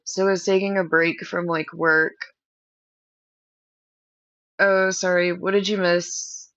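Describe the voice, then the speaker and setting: Slow, gravelly-voiced woman streamer. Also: lowish voice, level tone, a bit bright, dry recording, dull audio. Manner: candid, rambling storytelling with many fillers. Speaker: livestream host. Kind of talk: casual chat to stream viewers.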